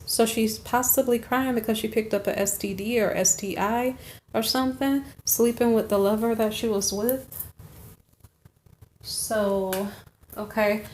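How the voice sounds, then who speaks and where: A woman's voice: fairly high pitch, darkish tone, a little hiss or hum. A woman giving a chatty, rambling tarot reading, checking in with "okay?" between asides. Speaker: tarot reader. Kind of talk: casual tarot reading monologue.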